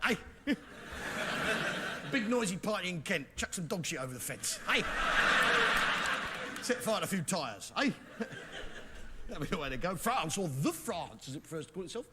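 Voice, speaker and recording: Brash English comedian, lively high voice. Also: male voice. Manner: brash, mock-patriotic pub bluster, barking asides to the crowd. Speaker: stand-up comedian. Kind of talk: stand-up comedy with crowd work. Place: theatre stage before a live audience. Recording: live show clip with loud audience noise.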